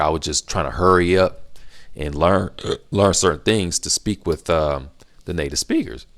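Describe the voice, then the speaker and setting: A middle-aged man hosting a casual question-and-answer video, giving emphatic advice that he repeats for stress. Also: low voice. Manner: emphatic, repetitive, animated when acting out reactions. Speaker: language-learning channel host.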